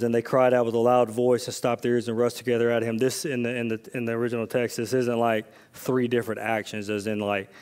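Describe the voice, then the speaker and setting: This sermon comes from a male pastor who talks conversationally, moving between loud, excited bursts and low, hushed asides. He mixes personal stories into his message.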